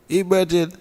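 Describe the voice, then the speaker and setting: An online commentator with a Jamaican accent rants heatedly, scolding and preaching and repeating himself. His voice is high and slightly mellow, and the sound carries the space of a large hall.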